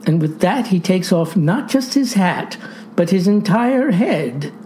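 Female narrator for a mock-grand comedy script; lively and theatrical. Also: lowish voice, a little slow, a little hiss or hum, poor audio.

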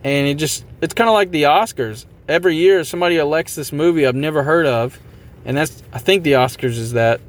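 A man's voice: a little high, fairly quick. A man hosting a podcast, talking casually and motivationally, rambling a bit and poking fun at himself while repeating his catchphrases. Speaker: podcast host.

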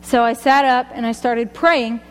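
A woman's voice: fairly high pitch, steady tone, moderate pace, clear, resonant tone, long reverb tail. A woman sharing a personal faith testimony, rambling and chatty, often laughing at herself. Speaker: speaker giving a testimony.

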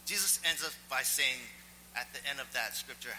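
Bright-voiced storytelling pastor in a hall. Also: male voice, mid-range voice, moderate pace, slight background noise. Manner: animated storyteller, self-mocking. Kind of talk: sermon with personal story.

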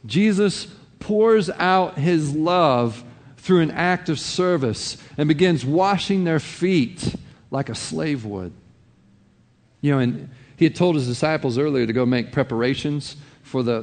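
Man preaching in an echoing hall. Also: medium pitch. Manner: conversational preaching with many "you know" asides. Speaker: pastor. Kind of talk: sermon.

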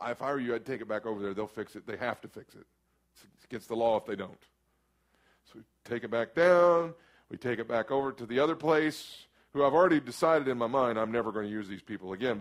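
A middle-aged man, preaching a storytelling sermon that swings from hushed asides to sudden shouts. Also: mid-range voice. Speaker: pastor.

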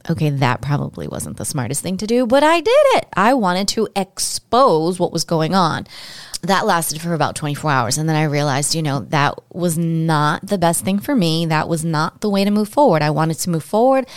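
A woman's voice: deep voice, no room sound, studio quality. A woman hosting her own podcast, telling a personal story in a candid, emotional, chatty way straight to her listeners. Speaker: podcast host.

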